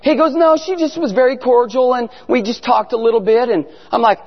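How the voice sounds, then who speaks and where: A man's voice: very high voice, animated, fairly quick, a faint crowd. A man preaching, telling a funny story and acting out both sides of a conversation. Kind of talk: humorous sermon story. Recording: dull sound in a large reverberant hall.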